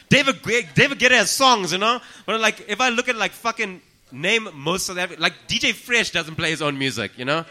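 A comedian chatting as a podcast guest, loose and profane in his storytelling. His voice is bright and forceful, sitting a little above the usual male range. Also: high voice, fairly quick, few pauses. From South Africa. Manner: profane, joking, animated storytelling. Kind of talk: casual chat.

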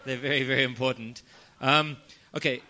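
Podcast host guy ribbing his guest, bright voice, mid pitch. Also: fairly even intonation, moderate pace. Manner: teasing, reads out questions. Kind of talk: casual podcast chat.

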